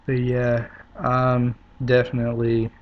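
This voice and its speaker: A young man from South Carolina with an Upstate South Carolina accent, talking in a relaxed, halting way with many pauses in a casual video reply. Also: medium pitch. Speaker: vlogger. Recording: dull lo-fi webcam audio.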